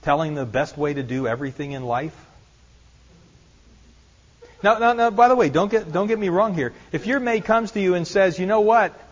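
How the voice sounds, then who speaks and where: A man's voice: high-pitched, expressive, moderate pace, pauses often. A man preaching an earnest sermon, repeating rhetorical questions and adding light self-deprecating humor. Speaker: pastor. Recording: dull lo-fi sermon recording.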